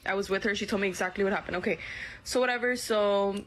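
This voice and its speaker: A woman's voice: mid-range voice, fairly even intonation, fast. A woman casually recounting events, rambling and filling her talk with "like" and "whatever". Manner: rambling, heavy use of "like" and "whatever". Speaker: witness recounting events in a clip. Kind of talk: casual storytelling.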